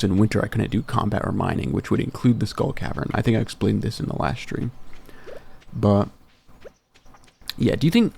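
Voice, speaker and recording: A young man streams a video game with casual commentary, rambling through self-deprecating asides and chuckling often. His voice is lowish, creaky, and mellow, with a breathy edge.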